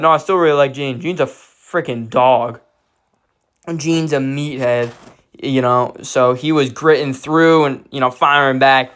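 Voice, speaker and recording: Guy rambling through a fight recap, cusses a lot, kinda high smooth voice. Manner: blunt, profane, rambling. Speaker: MMA commentator.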